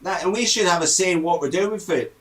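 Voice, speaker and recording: A man co-hosting a casual talk show, ranting in an animated way. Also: high-pitched, fast talker, far from the mic, poor audio. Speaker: co-host. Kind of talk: casual chat.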